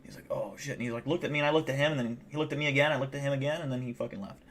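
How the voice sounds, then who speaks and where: Male streamer, mid-pitched voice, loose and rambling, curses constantly, casual live-stream chat. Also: steady tone, very fast, fairly bright tone, slight background noise. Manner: rambling and heavily profane, many fillers like "like".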